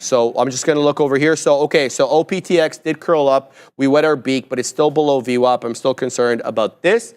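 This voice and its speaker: A man with a smooth, clear voice runs a live market stream, calling out prices and chart levels as they move. His talk is brisk and self-mocking, joking about breaking his own trading rules. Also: mid-range voice, fairly even intonation, a little mellow. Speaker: live trading show host.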